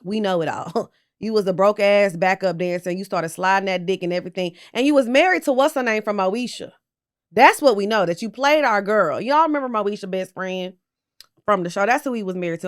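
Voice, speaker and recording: Hosting a laid-back show of pop culture commentary, a tipsy woman with a fairly bright mid-range voice dishes gossip to her audience. Her manner is blunt and sassy, and she curses without restraint.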